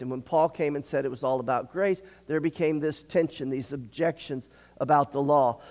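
A man preaching a sermon as pastor, earnest, often repeating words and clearing his throat. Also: fairly high pitch, darkish tone. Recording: long hall reverb.

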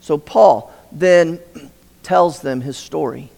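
A male pastor preaches in a storytelling manner, stopping to put questions to his listeners. His voice is fairly high and gravelly. The sound rings with a long reverb from a large hall. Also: takes it slowly, warm tone. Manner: storytelling, asks the audience questions. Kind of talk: sermon.

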